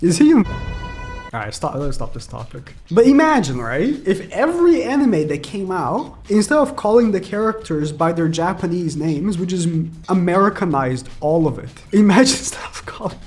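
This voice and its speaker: A man giving casual gameplay commentary as a gaming YouTuber, chatty and rambling, laughing often and ranting. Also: on the high side.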